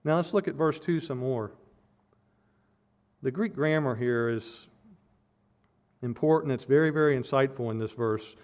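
A man's voice: medium pitch, unhurried, pauses often, darkish tone. A man preaching an expository sermon, earnest and building to emphatic peaks as he explains a scripture passage verse by verse.

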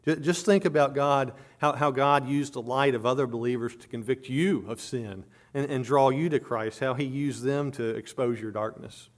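A middle-aged man delivers a sermon in an earnest preaching manner. His pitch sits in an ordinary middle range for a man. He often stumbles into repeated words and climbs louder on his emphatic claims. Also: normal speed, few pauses. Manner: earnest preaching with frequent word repetitions and restarts; rises in pitch and volume on emphatic points. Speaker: pastor.

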